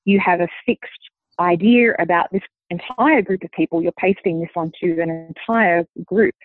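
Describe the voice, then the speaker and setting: A woman with a softened Australian accent, a linguist guest explaining her views in a measured, thinking-aloud way. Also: on the low side, dry recording. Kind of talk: conversational interview answer. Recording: dry tinny phone-like line.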